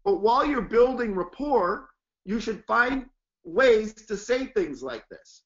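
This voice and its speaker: A man's voice: high voice, big pitch swings, takes it slowly, muffled recording. A man teaching a sales class, talking emphatically and acting out sample praise lines for phone calls. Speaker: sales trainer. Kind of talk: training lecture with demo lines.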